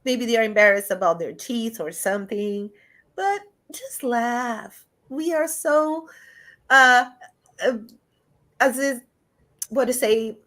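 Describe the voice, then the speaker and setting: A woman giving a lively spiritual talk over a video call, animated and often laughing, with big jumps in pitch. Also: slow pace, long pauses. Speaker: guest speaker.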